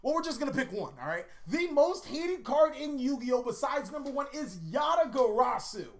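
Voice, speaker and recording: A woman's voice: high voice, very animated, normal speed. A woman hosting a card-game countdown video, talking in a casual, profane way and telling rambling joke anecdotes. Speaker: YouTube card-game host. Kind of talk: casual comedic countdown commentary.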